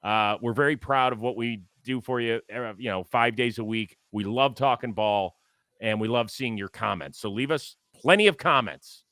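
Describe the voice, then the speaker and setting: A man's voice: mid-range voice, moderate pace, a bit bright, no echo, studio quality. A middle-aged man hosting a casual baseball talk show, chatty and jokey as he talks to his co-host and viewers.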